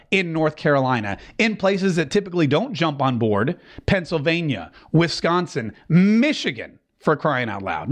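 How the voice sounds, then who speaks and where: A man hosting an opinionated political show, talking in a sarcastic, mocking way with many asides. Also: fairly high pitch. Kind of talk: opinionated commentary.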